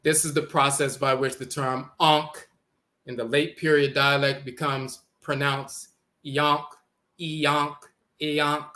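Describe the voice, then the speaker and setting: A man's voice: mid-range voice, flat delivery, a little slow, pushed and bright. A man giving an explanatory lecture, repeating words and sounding out letters as he teaches.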